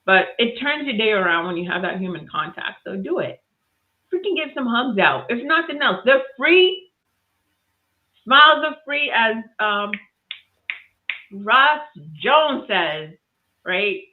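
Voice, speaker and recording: A woman telling a lively story about kindness as a guest on a video call, laughing often and acting out voices. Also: a little high, takes it slowly, long pauses. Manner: animated, laughs often, acts out voices in stories. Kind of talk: casual storytelling. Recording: tinny phone-like line.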